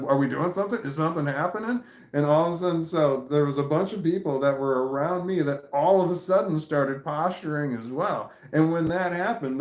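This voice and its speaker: A man's voice: fairly high pitch, roomy sound. Laughing man telling a rambling story. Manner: profane, laughing, rambling anecdote. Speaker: vlogger. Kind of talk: casual storytelling.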